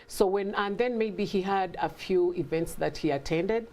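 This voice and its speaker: A woman's voice: medium pitch, normal speed, a little mellow. A middle-aged woman with a mixed African and British accent, a guest telling her story in a conversational interview and acting out quoted voices.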